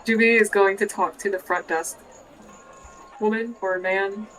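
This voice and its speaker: A woman's voice: mid-range voice, fairly even intonation, a little slow, a bit bright, soft background music, poor audio. A woman playing a tabletop game in a casual, blunt way, swearing and pressing with questions. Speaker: player. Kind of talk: casual tabletop role-play.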